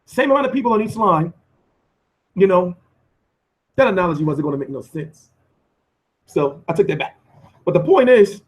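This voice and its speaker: An American man hosting a live boxing stream, answering viewer comments in a profane, animated rant with lots of restarts and repeats. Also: high voice. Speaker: boxing commentator and channel host.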